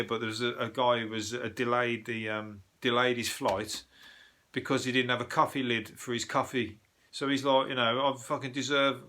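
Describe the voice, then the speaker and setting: Sweary rambling man, bright voice. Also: medium pitch. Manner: sweary, rambling, puts on quick voices for people he mocks. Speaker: podcast host. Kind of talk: profane comic news rant.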